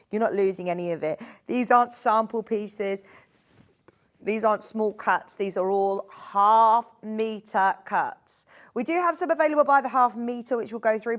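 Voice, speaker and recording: A middle-aged woman presenting a live TV shopping show in a studio, chatty and enthusiastic as she gushes over products. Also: medium pitch.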